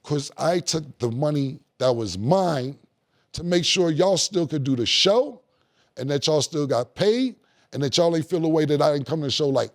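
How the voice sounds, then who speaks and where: A middle-aged man with a gravelly, fry-edged voice sits in a podcast studio and tells stories in loose, casual talk. He pitches a bit higher than most men and acts out other people's lines as he goes. His talk is full of slang and profanity. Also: moderate pace. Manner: animated, acts out quoted dialogue, heavy slang and profanity. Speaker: guest rapper in a studio conversation. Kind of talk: casual storytelling.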